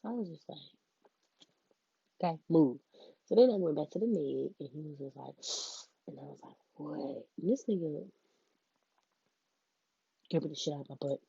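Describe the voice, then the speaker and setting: A woman's voice: sits low, expressive, moderate pace, gravelly, pauses often, warm tone, slightly rough, dry recording, muffled recording. A young woman telling a candid, profane story in her bedroom, bluntly and with laughs. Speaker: vlogger. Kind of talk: casual storytime vlog.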